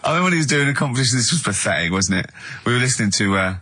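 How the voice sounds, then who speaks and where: A man's voice: medium pitch, animated, very fast, bright, forceful tone. A man hosting a comedy radio show, teasing and self-mocking, slipping into silly voices. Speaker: radio host.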